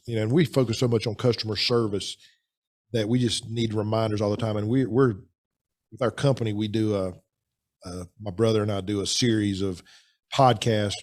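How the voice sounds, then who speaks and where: Chatty man hosting a podcast. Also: lowish voice. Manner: animated, chatty, frequent restarts. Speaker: podcast host. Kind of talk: casual podcast chat.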